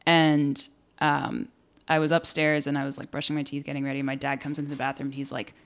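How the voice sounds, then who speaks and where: A woman with a low voice tells a personal story in relaxed podcast chat. She acts out the people in it and swears casually. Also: brisk.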